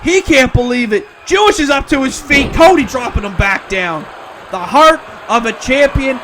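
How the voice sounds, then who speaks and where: High-voiced, excitable male wrestling commentator. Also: moderate pace, a little hiss or hum. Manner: excitable, shouts at near-falls. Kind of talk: play-by-play commentary.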